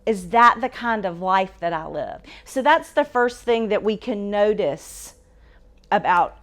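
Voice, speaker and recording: Woman leading bible study, chatty and casual, asks the group stuff, mid-pitch voice. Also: lively intonation, measured pace, fairly bright tone. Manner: conversational, asks the group questions, self-correcting.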